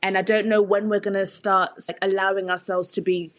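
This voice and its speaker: A woman actor from the United Kingdom, a podcast guest, speaking in a thoughtful, reflective way with drawn-out phrasing. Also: medium pitch, level tone, a bit bright. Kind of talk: reflective interview talk.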